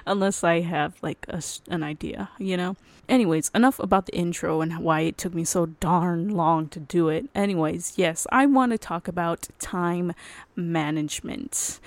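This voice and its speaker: A woman's voice: fairly low pitch, normal speed, no echo. A young adult woman hosting her solo podcast in casual chat, rambling, cutting herself off and laughing often. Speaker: podcast host.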